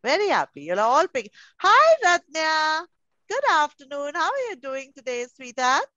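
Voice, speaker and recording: A woman's voice: high voice, big pitch swings, normal speed, bright, forceful tone, dry recording. A woman with an Indian English accent teaching pre-school children over a video call, coaxing and affectionate, calling them darling. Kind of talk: online class with young children. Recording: muffled video call audio.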